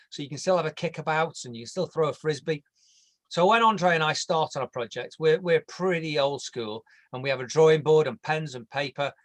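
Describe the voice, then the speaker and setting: Presenting a landscape design online, an Englishman with a fairly high voice for a man talks viewers through it in a relaxed, joking, conversational way. Now and then he trips over his words.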